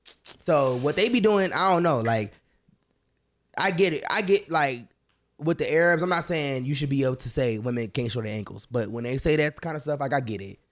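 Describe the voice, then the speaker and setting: Blunt man with lively pitch. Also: normal speed. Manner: blunt, provocative. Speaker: podcast co-host. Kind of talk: casual chat.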